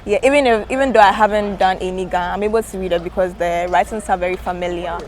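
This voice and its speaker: A woman's voice: medium pitch, quick pace, slight background noise. A young woman with a Ghanaian English accent, chatting casually and self-mockingly as an interview guest, recorded outdoors by a road.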